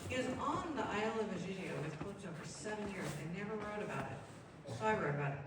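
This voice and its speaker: A woman poet at a live reading, chatting casually between poems and reading them slowly and deliberately. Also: medium pitch, lively intonation, very noisy. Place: live reading at an arts venue. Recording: roomy echo, distant mic, faint ambience.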